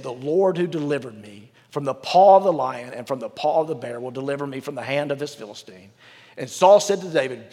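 A male pastor reads scripture to his congregation, then drops into candid, wisecracking asides. His voice sits a little high for a man. The sound rings with the long reverb of a large church sanctuary. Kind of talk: sermon.

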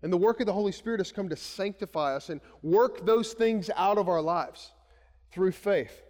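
A man's voice: high-pitched, moderate pace, a little mellow, big-room sound. A male pastor in his thirties, preaching a conversational sermon full of anecdotes and restarts. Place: church sanctuary.

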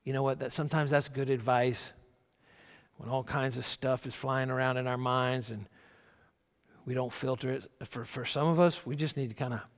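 In a large hall, a pastor with a medium-pitched voice delivers a sermon at a moderate pace. His reading of scripture builds in force and volume, punctuated by animated, conversational asides.

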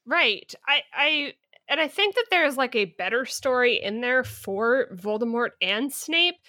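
A woman co-hosting a podcast, giving firm opinions in a halting, deliberate way. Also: fairly high pitch, animated, sharp tone, dry recording, clean studio sound. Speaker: podcast co-host. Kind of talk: casual book discussion.

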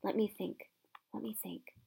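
Clever young boy strategist in a storybook , voiced by a woman; firm, quietly determined. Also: mid-range voice, fairly even intonation, measured pace, gravelly, slight background noise. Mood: tense.

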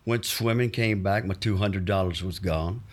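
Husky low-voiced man. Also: moderate pace. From Mississippi, USA. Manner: rambling anecdotes full of "you know" and chuckles. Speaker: interviewee. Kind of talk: casual storytelling.

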